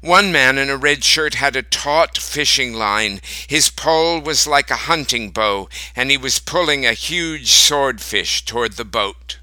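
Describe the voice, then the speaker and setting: Slow, sharp-voiced male storyteller. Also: medium pitch, no room sound, poor audio. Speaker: narrator. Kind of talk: reading a short story aloud.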